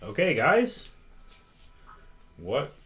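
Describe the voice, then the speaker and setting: A man's voice: medium pitch, wildly swooping pitch, fairly bright tone. A man teaching chess on a live stream, patiently reading out viewers' votes and inviting them to join in. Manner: slow, patient, reads out chat votes. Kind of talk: interactive live-stream lesson.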